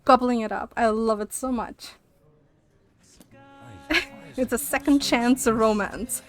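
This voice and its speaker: A woman's voice: a little high, slow pace. A young woman streaming live, chatting and swearing animatedly, a little out of breath from walking on a walking pad. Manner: animated, swearing, laughs often. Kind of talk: casual chat with live chat.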